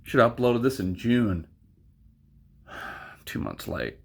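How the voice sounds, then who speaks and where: A man's voice: on the low side, sing-song, unhurried, long pauses, fairly bright tone. A young man giving a casual spoken movie review, rambling, swearing freely and drifting off on tangents. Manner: rambling, profane, goes off on tangents.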